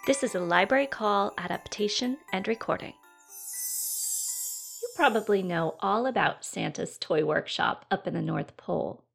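A woman narrating a children's story in a gentle, clear storybook reading. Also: mid-range voice, moderate pace, soft background music.

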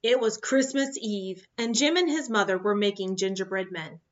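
A woman reading a children's picture book aloud in an expressive, animated way. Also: mid-range voice, normal speed, muffled recording. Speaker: storyteller.

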